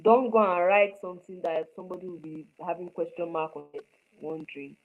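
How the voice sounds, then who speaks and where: A woman leads a screenwriting lesson with an emphatic, repetitive delivery. She keeps asking her students if they follow. Her voice sits a little low for a woman. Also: a little fast, narrow, tinny audio. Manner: emphatic, repeats points, asks students if they understand. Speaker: screenwriting teacher. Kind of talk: live online class.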